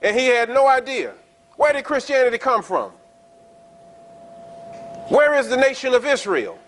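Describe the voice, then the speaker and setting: A man preaching a sermon, explaining scripture in a conversational way, checking in with his listeners and slowing down to stress the verses. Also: very high voice, sing-song, fairly bright tone, a little hiss or hum. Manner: explains scripture conversationally, often asking the congregation "right?"; reads verses slowly and stresses key words. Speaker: pastor.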